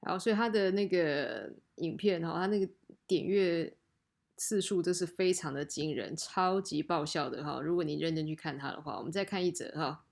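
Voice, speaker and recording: A woman's voice: on the low side, normal speed, gravelly. A woman teacher explaining clips in a chatty way, with frequent fillers and sentence-ending particles. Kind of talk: explanatory lesson commentary.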